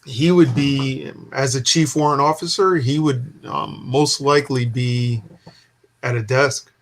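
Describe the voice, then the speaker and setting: Man, middle pitch, chatty storyteller who acts out the dialogue. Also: a little slow, gravelly. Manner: animated storytelling, acting out quoted dialogue. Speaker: storyteller in casual chat. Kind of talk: casual chat.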